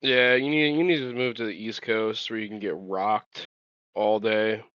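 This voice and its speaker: A man's voice: lowish voice, fairly even intonation, moderate pace, clear, resonant tone, dry recording, lo-fi sound. A man co-hosting a podcast, reacting with short slangy remarks in casual banter.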